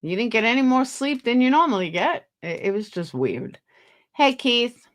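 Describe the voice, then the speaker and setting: A fairly high-pitched, expressive woman speaks at a moderate pace as she hosts a casual livestream. She's tired and yawns, but stays chatty and gossipy, reading out viewer names to greet them.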